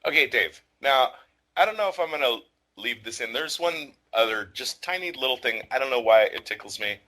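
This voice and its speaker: Male podcast co-host, casual film talk, emphatic and profane, lively bright delivery. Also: medium pitch, brisk. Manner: animated, emphatic, swears freely.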